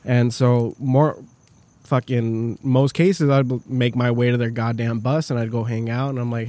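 A man in the guest seat spins casual stories, loose and animated, with swearing in nearly every line. His middle-pitched voice sounds dry and close, with no room around it. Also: normal speed, no room sound. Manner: profane, animated storytelling. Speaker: podcast guest. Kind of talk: casual chat.

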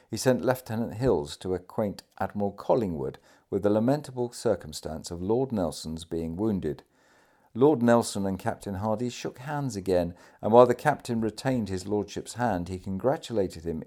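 A man reads a historical account aloud in a measured, formal manner. His voice sits fairly low. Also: mellow. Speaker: audiobook reader.

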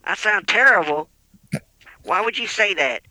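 A man doing Earl, a pitch-shifted coal-miner weatherman. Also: expressive, unhurried, sharp tone, no room sound, exaggerated voice, rough recording. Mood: folksy. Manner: folksy, keeps repeating his own name.

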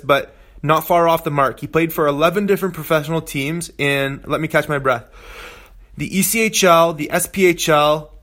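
A man's voice: on the high side, a bit bright. A man in his thirties, a podcast host reading a playful, jokey introduction. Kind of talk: scripted introduction.

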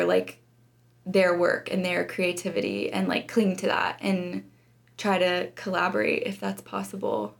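A woman's voice: mid-range voice, vocal fry. A young woman in her twenties, a student podcaster, chatting in a casual interview with many likes. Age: 20s.

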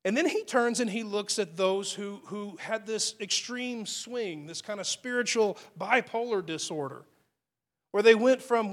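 This sermon comes from a pastor whose voice sits high and who never hurries. He keeps it personal and chatty, restarting frequently and swinging suddenly between soft and loud.

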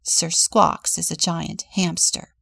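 A woman voicing a bossy, imaginative little girl from a storybook, lively and commanding. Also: fairly low pitch, slow, creaky, slightly rough, dry recording, full character voice.

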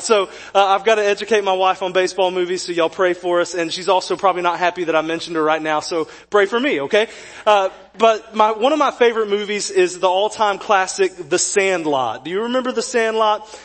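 A man preaching a sermon as pastor, joking and conversational, then dropping to a quiet, earnest tone. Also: sits high, a little fast.

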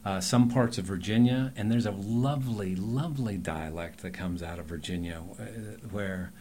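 Low-voiced acting teacher, chatty. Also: male voice, fairly even intonation, normal speed, a little mellow, a little hiss or hum. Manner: chatty and rambling, with emphatic bursts. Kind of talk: relaxed podcast conversation.

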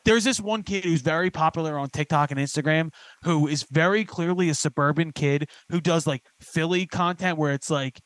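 A man's voice: on the high side, normal speed, few pauses, no echo. Philly man ranting, dry close sound. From Philadelphia. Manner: animated, swears freely, mocks overdone accents. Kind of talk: casual chat.

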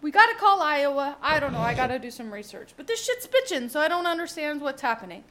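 Woman, high pitched, young adult, solo podcaster, rambling, profane, candid. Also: big pitch swings, quick pace, sharp tone. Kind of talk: casual solo podcast monologue.

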